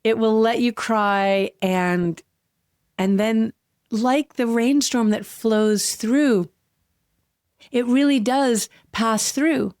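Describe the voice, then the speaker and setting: A woman hosting a solo podcast, talking in a heartfelt, earnest way and slowing down on emotional words. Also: medium pitch, a little mellow, no room sound, clean studio sound. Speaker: podcast host.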